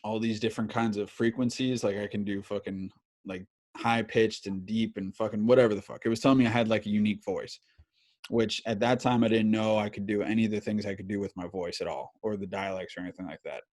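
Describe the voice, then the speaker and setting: Brief: thirties male podcast host, lowish voice, loose and profane, animated storyteller. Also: quick pace. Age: 30s. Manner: animated, swears a lot, many fillers. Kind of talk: casual storytelling chat.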